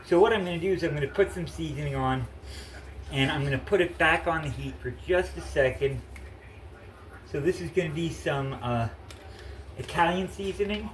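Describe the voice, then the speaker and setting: A man's voice: on the high side, moderate pace, slight background noise, poor audio. A man casually chatting in his home kitchen while cooking, rambling with lots of fillers. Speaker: home cook vlogger.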